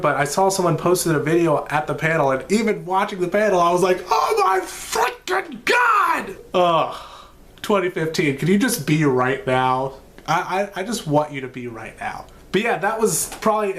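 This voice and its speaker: A man chatting excitedly in a casual comics vlog, rambling and breaking into shouts, sleepless at dawn. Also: on the high side. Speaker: comics vlogger.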